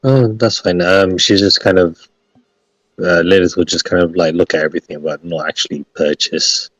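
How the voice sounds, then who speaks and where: Deep-voiced hesitant male player. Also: steady tone, moderate pace, fairly bright tone, no echo, rough recording. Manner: hesitant, trailing off.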